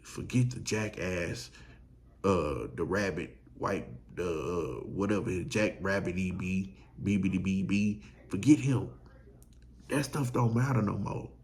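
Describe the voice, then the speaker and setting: Man, sports host, gravelly low voice, pumped and preachy. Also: unhurried, darkish tone. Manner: hyped, preachy fan talk with slang. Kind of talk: fired-up sports talk.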